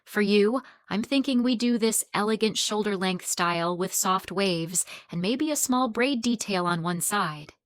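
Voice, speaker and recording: A woman's voice: mid-range voice, unhurried, hardly any pauses, dry recording, clean studio sound, close to an everyday voice. A woman voicing a poised hairstylist who keeps a cool, neutral tone. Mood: composed.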